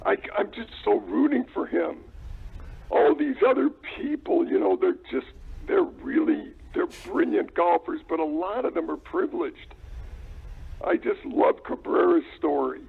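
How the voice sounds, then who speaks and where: Deadpan guy on a crackly phone line, gravelly, kinda high voice, teasing. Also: unhurried. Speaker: comedian calling in by phone. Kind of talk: deadpan comic banter. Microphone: telephone.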